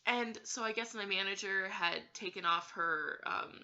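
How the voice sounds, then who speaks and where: A woman chats through a personal story in a bright, tense voice, giggling and pausing on fillers as she goes. The recording sounds dull and lo-fi, like a simple home setup. Her pitch sits in an ordinary middle range. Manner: giggly, hesitant, many fillers. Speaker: vlogger telling a story. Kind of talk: casual storytime chat.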